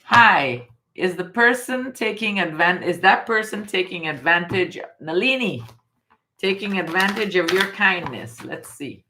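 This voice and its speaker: A woman's voice: fairly low pitch, lively intonation, a little slow, noisy background. A middle-aged woman, a card reader from Guyana, talking casually and emphatically, often repeating phrases. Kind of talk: casual spiritual reading and storytelling.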